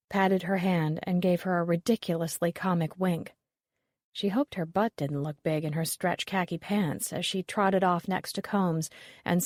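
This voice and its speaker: A woman reading a mystery novel aloud as an audiobook narrator, in an even, steady manner. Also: fairly low pitch, dry recording, clean studio sound. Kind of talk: scripted narration.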